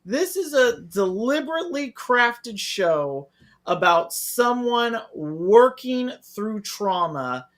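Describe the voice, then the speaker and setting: Bright-voiced excitable male podcast host. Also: very high voice, takes it slowly. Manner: excitable, animated storytelling. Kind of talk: casual review chat.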